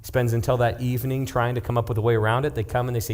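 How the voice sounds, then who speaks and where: A young man, a youth pastor, preaching in a casual, animated way, retelling a story and dropping into hushed asides. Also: mid-range voice, racing. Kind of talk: youth-group sermon storytelling.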